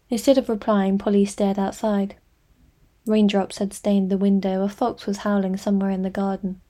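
A woman reading a novel aloud in measured, scripted narration. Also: mid-range voice, little pitch movement, mellow. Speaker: audiobook narrator.

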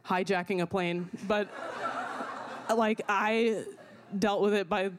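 A woman's voice: medium pitch, takes it slowly, background noise. A young woman from Latin America telling a comic personal story in a loose, profane way, packed with "like" and laughter. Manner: animated, profane, filler-heavy with lots of "like".

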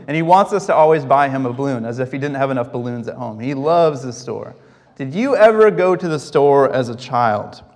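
Man, young pastor, conversational sermon, slightly high voice, church reverb. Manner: conversational storytelling, asks the congregation questions.

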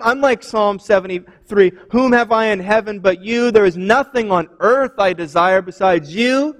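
A man preaching a sermon, earnest, often repeating words as he presses a point. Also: high-pitched. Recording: long hall reverb.

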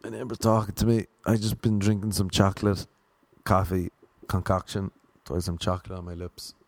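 A young Irish man telling funny anecdotes in a deadpan, sardonic way. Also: low-pitched, a little fast, no room sound. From Ireland. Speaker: vlogger. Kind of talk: casual storytelling monologue.

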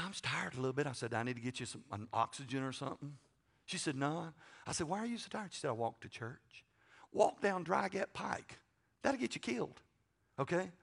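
A middle-aged man preaching a sermon, folksy and joking, swinging from loud to quiet asides. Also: mid-range voice, creaky. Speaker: pastor.

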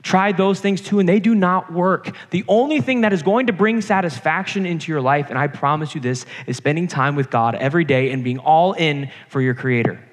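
A man's voice: on the high side, a little fast, hardly any pauses. A young man giving an earnest sermon to a campus group, telling stories from his own life. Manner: earnest, personal storytelling preacher. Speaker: campus ministry speaker. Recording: reverberant hall.

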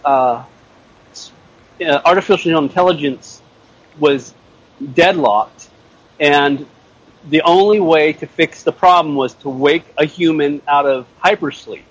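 A Canadian man guest on a podcast, answering in a halting, dry way. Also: on the high side, low-quality recording. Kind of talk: casual interview answers.

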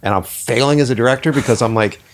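A man's voice: medium pitch, fast talker. A man hosting a podcast in a studio, talking bluntly and swearing freely as he tells stories and acts out what people said. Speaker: podcast host and director. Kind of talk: casual podcast conversation.

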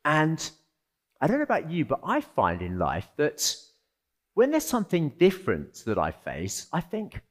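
A man preaching a sermon as pastor, conversational and animated, with rhetorical questions to the congregation. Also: a little high, moderate pace.

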